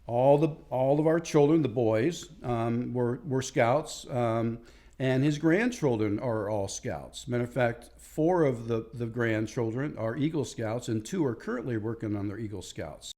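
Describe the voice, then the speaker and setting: Man, middle pitch, halting interview memories with many restarts. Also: warm tone. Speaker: son recalling his father. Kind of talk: documentary interview remembrance.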